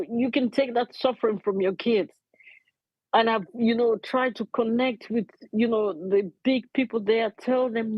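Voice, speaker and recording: A woman's voice: a little high, fairly even intonation, unhurried, slightly rough, no echo. Woman, middle-aged, emotional, insistent, dry close sound, lo-fi. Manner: earnest, emotional, repeats key points. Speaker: community advocate. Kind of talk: impassioned interview testimony.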